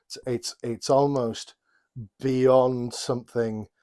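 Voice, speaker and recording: A man's voice: mid-range voice, steady tone, slow pace, dark tone. A man co-hosting a casual Bible study podcast, rambling and restarting his sentences, often breaking off to add apologetic asides. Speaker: podcast co-host.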